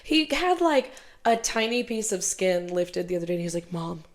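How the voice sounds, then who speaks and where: A young woman guest in casual chat, quick to react and mimicking her kids in high voices. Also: big pitch swings. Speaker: guest, speech pathologist.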